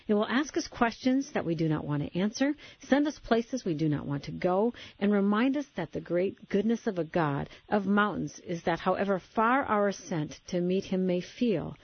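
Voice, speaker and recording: A woman hosts a conversation about faith, earnest and emphatic as she talks. Her voice is low and husky, and the recording sounds dull and lo-fi. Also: brisk, no echo. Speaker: host.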